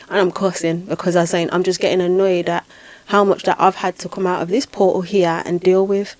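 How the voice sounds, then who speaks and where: Animated woman telling a dramatic story. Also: fairly low pitch, brisk, no echo. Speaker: podcast host and spiritual healer. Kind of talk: casual podcast storytelling.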